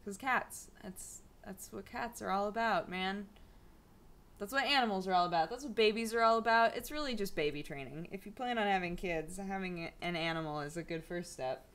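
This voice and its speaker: A woman's voice: medium pitch, moderate pace, fairly bright tone. A young adult woman chatting casually at home in a rambling vlog, full of fillers. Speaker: vlogger. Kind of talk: casual chat.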